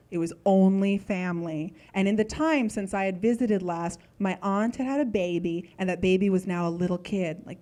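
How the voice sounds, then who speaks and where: A woman's voice: mid-range voice, a little mellow. A young adult woman performing a stand-up comedy set, talking in a chatty way full of "like" fillers.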